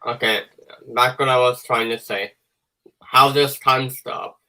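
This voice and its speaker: A man's voice: mid-range voice, fairly even intonation, a little slow, pushed and bright. A man in a casual voice-call chat, musing and thinking aloud.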